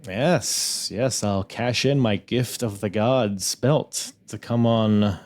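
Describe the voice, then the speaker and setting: Male podcast host, slightly low voice, laid-back joking banter. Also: slow pace, a little mellow. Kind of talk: casual chat.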